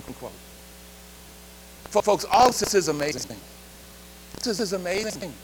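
A man preaching a sermon, leading the congregation in call-and-response and shifting between loud and quiet delivery. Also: high voice, very animated, measured pace, long pauses, breathy edge. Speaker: pastor. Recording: reverberant hall, faint hum.

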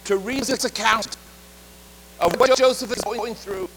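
A man preaching a sermon, leading the congregation in call-and-response and shifting between loud and quiet delivery. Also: extremely high pitch, measured pace, gravelly. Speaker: pastor. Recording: reverberant hall, faint hum.

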